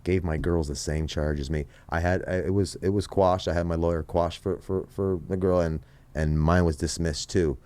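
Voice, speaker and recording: A man from Las Vegas, a podcast guest, telling a story in casual talk, animated and swearing freely as he acts out what people said. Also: low-pitched, moderate pace. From Las Vegas, USA. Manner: animated, profane, acts out other people's lines.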